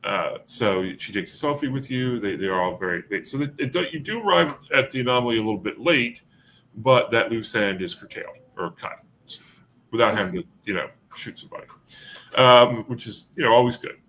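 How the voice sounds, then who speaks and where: A man's voice: mid-range voice, fairly quick, fairly bright tone, slight background noise. A man running a tabletop game as game master, narrating with many fillers and restarts.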